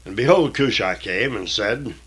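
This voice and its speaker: A man reading scripture aloud in a deliberate, old-fashioned diction, stopping now and then for plain explanatory asides. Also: lowish voice, lively intonation, a bit bright, slightly rough. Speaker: Bible reader and teacher.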